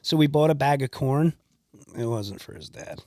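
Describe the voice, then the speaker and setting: A man's voice: medium pitch, normal speed, no room sound, clean studio sound. A man from New Jersey, hosting a podcast and telling stories in casual chat, swearing freely and acting out the people he describes. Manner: animated storyteller, swears freely, acts out the people in his stories. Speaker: podcast host.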